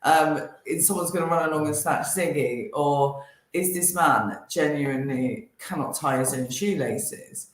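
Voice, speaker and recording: A woman's voice: low voice, a little slow. A young woman telling a story casually on a family live stream, chatty and self-deprecating, laughing now and then. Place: home kitchen. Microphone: live-stream mic. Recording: very echoey room, faint noise.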